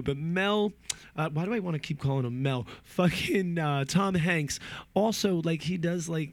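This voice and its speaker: A man in his thirties from New Jersey goes on a casual, rambling rant. He packs it with fillers and swears freely. His voice sits a little high and sounds dry and close. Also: no room sound. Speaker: movie reviewer.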